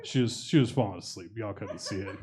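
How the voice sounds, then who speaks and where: This young adult comedian's set at a live comedy showcase mixes profane stories at his own expense with teasing of audience members. His voice is on the low side, darkish and fairly quick, with slight background noise.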